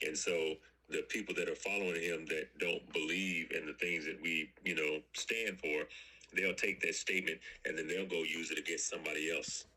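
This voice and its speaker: A man's voice: rumbling low, steady tone, normal speed, bright, forceful tone, low-quality recording. A man calling in to a talk radio show, explaining his view earnestly. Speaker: caller. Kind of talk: casual call-in discussion.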